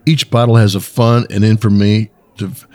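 A man with a lowish voice reads a promotional blurb aloud on a podcast, keeping a steady, scripted delivery. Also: moderate pace. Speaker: podcast co-host reading a sponsor blurb.

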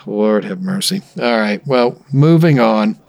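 Relaxed male host, dry sound. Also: medium pitch, slow, vocal fry, no room sound. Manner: relaxed, hesitant with fillers. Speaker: show host. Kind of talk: casual hosted tasting show.

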